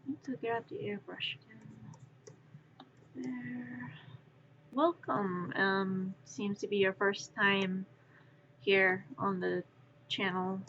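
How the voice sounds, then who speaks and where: Woman, live-stream chat, unhurried, distracted, mutters to herself, lo-fi audio, faint hiss. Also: medium pitch, steady tone. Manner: distracted, rambling, chats to viewers while crafting; mutters softly to herself while working. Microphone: wearing headphones.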